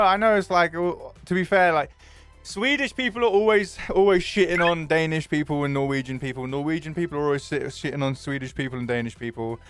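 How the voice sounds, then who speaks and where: A young man, chatting casually and jokingly with his stream viewers, swearing freely. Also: a little high. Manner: chatty, jokey, quick to swear.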